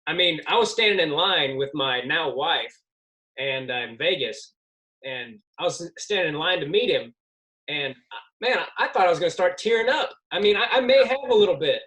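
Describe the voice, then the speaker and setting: A male podcast host with a somewhat high voice talks casually with his guest. He comes across as eager and a little self-deprecating. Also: animated, normal speed, fairly bright tone. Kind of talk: casual interview chat.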